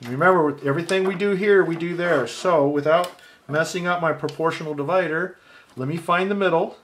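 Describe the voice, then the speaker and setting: Relaxed and in no rush, a slightly higher-voiced man teaches drawing one step at a time. As an art teacher, he calmly talks himself through every stroke, thinking out loud while he works.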